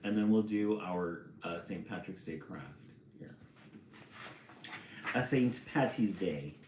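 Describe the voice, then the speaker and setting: A man reading a children's storybook on a live stream and chatting with viewers in a relaxed, chatty way. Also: fairly low pitch, echoey room, a little hiss or hum, rough recording. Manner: slow, relaxed, chatty with small laughs.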